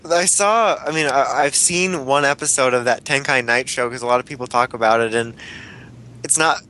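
A man's voice: medium pitch, normal speed, sharp tone. A young man co-hosting a casual chat, rambling, swearing now and then, laughing often.

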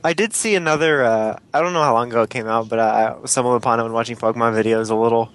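A man's voice: mid-range voice, rapid-fire, fairly bright tone. Rambling man chatting casually. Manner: rambling, self-deprecating, apologetic. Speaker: podcast co-host. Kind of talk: casual chat about cartoons.

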